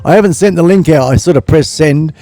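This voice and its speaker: Excitable Australian man hosting a live stream. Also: a little high, a little fast, dry recording. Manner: excitable, rambling, frequent whoops and laughs. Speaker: livestream host. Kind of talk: casual live-stream chat. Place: home studio.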